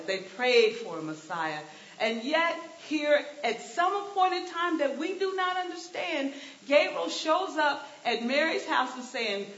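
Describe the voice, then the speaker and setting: A woman preacher delivering a sermon, swinging between hushed lines and emphatic ones. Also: a little high. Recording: echoey, dull sound with faint hiss.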